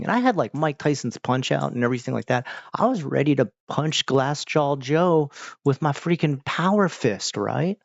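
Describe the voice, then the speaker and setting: A man in his thirties chatting casually as a host, animated and profane, often breaking into exaggerated voices. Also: medium pitch, normal speed, vocal fry, dry recording. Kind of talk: casual rambling chat. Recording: dull lo-fi dry sound.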